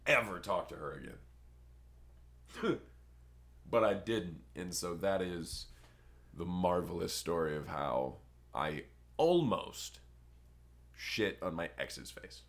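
A man's voice: deep voice, animated, takes it slowly, long pauses. A young man on a podcast, rambling through a crude story in casual chat. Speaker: podcast co-host.

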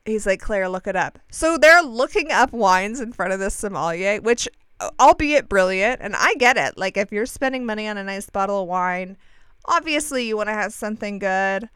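Chatty smooth-voiced woman podcaster. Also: mid-range voice, normal speed, dry recording. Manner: chatty, animated, swears freely. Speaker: podcast host. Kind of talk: casual storytelling monologue.

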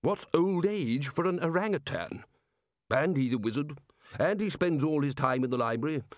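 A man's voice: on the high side, expressive, normal speed, dry recording, clean studio sound, pitched above the performer's own voice, close to an everyday voice. A man voicing an anxious, bookish male wizard lecturer who fires off fretful questions. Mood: worried.

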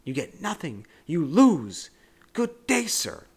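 A man's voice: expressive, normal speed, natural voice. A man putting on an eccentric male chocolatier who turns from breezy dismissal to screaming rage. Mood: furious. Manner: shrill, shouting mock-legalese. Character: eccentric male chocolatier, flippant, then raging.

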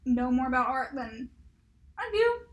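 A woman's voice: high-pitched, big pitch swings, a little slow. A woman co-hosting a podcast, casually recapping a story with lots of fillers. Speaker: podcast co-host. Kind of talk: casual chat.

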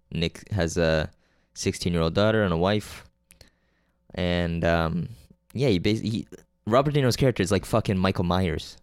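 A low-voiced man talks loosely through a movie plot on his podcast, stopping and restarting, swearing freely and forgetting names as he goes. His voice is smooth and clean, and the recording is dry and close with no room sound. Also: no echo. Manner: rambling and loose, with many fillers, restarts and frequent swearing; offhand and unpolished, losing names mid-sentence. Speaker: podcast host reviewing movies. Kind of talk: casual solo movie recap.

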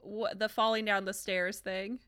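A woman's voice: medium pitch, flat delivery, unhurried, a bit bright. A woman co-hosting a casual chat, bubbly and laughing a lot. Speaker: podcast co-host. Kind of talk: casual chat reviewing favorite movie quotes.

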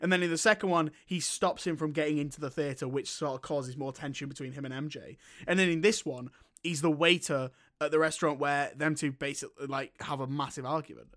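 A young man talks movies in a loose, rambling way, tripping over his words and swearing freely. His voice sits a bit high and sounds bright. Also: fairly even intonation, a little fast. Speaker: podcast co-host. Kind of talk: casual film chat.

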